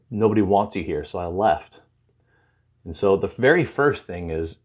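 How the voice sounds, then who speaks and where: A man talking to camera with advice, retelling a conversation and acting out the lines. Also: lowish voice. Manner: animated storyteller, acts out dialogue. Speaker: recovery counselor.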